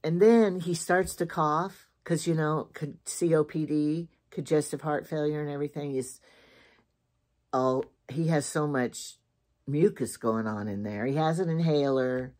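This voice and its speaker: A woman's voice: low-pitched, a little slow, darkish tone. An older woman in casual, rambling chat, talking through a shopping haul as she goes. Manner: chatty, rambling, thinks aloud and repeats herself. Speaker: shopping vlogger.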